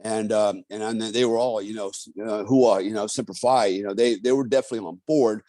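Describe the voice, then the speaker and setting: A middle-aged veteran speaks in a low, warm voice, forceful and ranting as he drives his points home. He leans on the word "man" as he goes. The sound is dry, with no room in it. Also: steady tone, a little fast, no echo. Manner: emphatic and ranting, often ending phrases with "man". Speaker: podcast guest, author and Army veteran. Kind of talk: casual conversation and storytelling.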